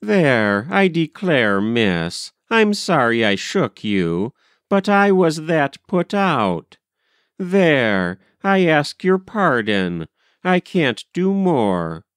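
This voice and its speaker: A rough-spoken maidservant, quick to gossip and quick to flare up, as a male reader puts her on. The voice rides higher than a man's usual reading tone and swings up and down with feeling. Her country grammar slips through every line, in a dry, close recording. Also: sing-song, a bit bright, no echo, exaggerated voice. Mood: apologetic. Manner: rustic servant's speech with broken grammar.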